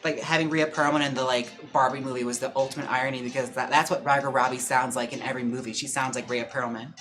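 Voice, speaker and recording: A man hosting a livestream in casual chat, talking with lots of fillers and quick laughs. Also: mid-range voice, steady tone, a bit bright, soft background music. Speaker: live-stream host. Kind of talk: casual chat during a wig-styling livestream.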